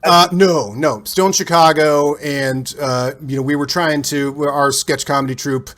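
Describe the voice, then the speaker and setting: A man with a slightly raised pitch chats as an interview guest. He tells stories animatedly, starting over mid-sentence and laughing along the way. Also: a little slow. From Cincinnati, USA. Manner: animated, rambling with restarts and laughs. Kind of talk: casual storytelling interview.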